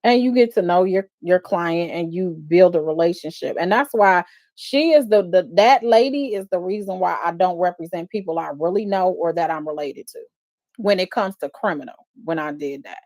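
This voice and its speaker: A woman's voice: lowish voice, moderate pace. A woman who hosts a live stream and works as a defense attorney. She comments on a court case and speaks with open emotion, often sighing between thoughts. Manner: emotional, expressive, frequent sighs.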